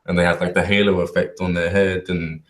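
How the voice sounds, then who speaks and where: A man co-hosting a casual spiritual talk show, speaking in a relaxed, enthusiastic way. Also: deep voice, brisk, distant mic. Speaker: co-host.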